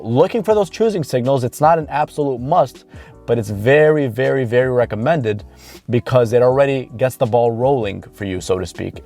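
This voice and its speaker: Guy giving dating tips, mellow voice, faint music behind. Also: mid-range voice. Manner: earnest, repeats key points for emphasis. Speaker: dating coach. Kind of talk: instructional talk to camera.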